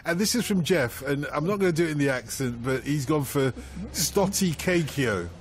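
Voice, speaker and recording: A man's voice: on the high side, lively intonation, moderate pace. A man hosting a radio phone-in, reading out listener messages and teasing his co-hosts. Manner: playful, teasing, laughs often. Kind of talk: casual studio chat reading listener messages. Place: radio studio.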